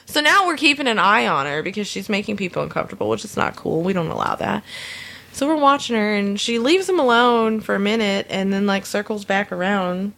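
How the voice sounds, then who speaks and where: A woman tells a funny story about a day at work in a relaxed, chatty way. She is animated and acts out the people she quotes. She laughs often as she goes. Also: medium pitch, brisk, vocal fry. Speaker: storyteller recounting a work incident. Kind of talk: casual anecdote.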